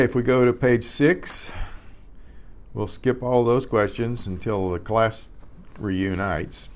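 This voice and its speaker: An older man teaching beginner Spanish, patiently spelling out letters, repeating words and often clearing his throat. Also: lowish voice. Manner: frequent throat clearing and self-corrections. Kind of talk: beginner language lesson.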